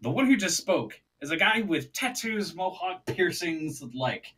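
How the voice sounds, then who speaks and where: A man's voice: high-pitched, lively intonation, a little slow, sharp tone, low-quality recording. A man narrating as game master of a tabletop game, loose and profane, laughing often.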